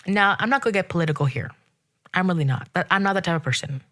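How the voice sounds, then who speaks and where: Woman host, solo rant; bright, forceful tone; sassy, exasperated, animated. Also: fast. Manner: animated, exasperated, sassy with sudden pitch jumps. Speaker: podcast host.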